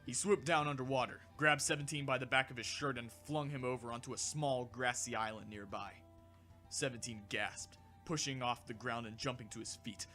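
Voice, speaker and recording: A man narrating a fan audiobook in a steady, even storytelling manner. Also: mid-range voice, normal speed, soft background music.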